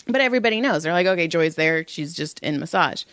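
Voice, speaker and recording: A woman co-hosting a podcast, telling a story in casual chat, animated and swearing freely as she acts out what people said. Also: low voice, fast, slight background noise. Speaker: podcast co-host.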